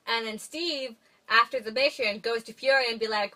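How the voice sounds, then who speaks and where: Young woman co-host, bright higher voice, loose rambling recap with fillers. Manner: rambling, filler-heavy retelling with quick voices for characters. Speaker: podcast co-host. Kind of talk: casual movie recap chat.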